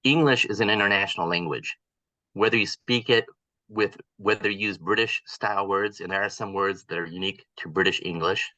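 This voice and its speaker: Deep, bright-toned man explaining calmly. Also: no echo, highs cut off. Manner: measured, explanatory, lecturing. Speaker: guest accent expert. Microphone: video call.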